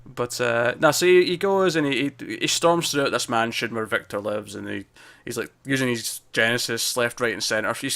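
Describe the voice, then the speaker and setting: A man's voice: medium pitch, gravelly, pushed and bright. Rambling male TV review co-host. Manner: rambling, self-interrupting with repeated words. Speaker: podcast co-host. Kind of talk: casual review chat.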